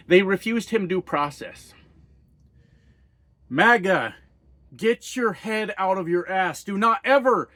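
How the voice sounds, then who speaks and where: A man's voice: high-pitched, a bit bright, dry recording. A man who works as a trucker, ranting angrily to camera about politics, heated and profane, firing off rhetorical questions. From United States. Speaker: trucker vlogger. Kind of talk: angry political rant to camera.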